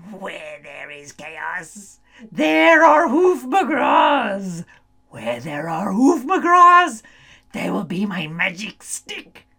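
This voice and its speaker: A spiteful little witch trapped in an ant's body, put on by a woman reading a storybook aloud, gloating over her plans. She drops to low mutters and then bursts into shouted threats. The pace is slow and drawn out. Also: very animated, gravelly, slightly rough, exaggerated voice. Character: spiteful witch turned into a scuttling ant.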